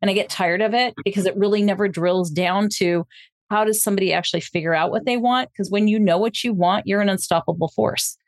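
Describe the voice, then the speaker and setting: A woman's voice: medium pitch, brisk. A woman guest, a coach who also hosts podcasts, explaining her ideas in a reflective, flowing way. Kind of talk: casual interview chat.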